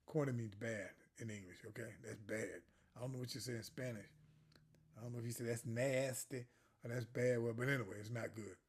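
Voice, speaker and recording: A man's voice: medium pitch, fairly even intonation, fairly quick, breathy edge. An older man, a jazz educator, giving a chatty, digressive lecture on phrasing and now and then singing syllables to show it.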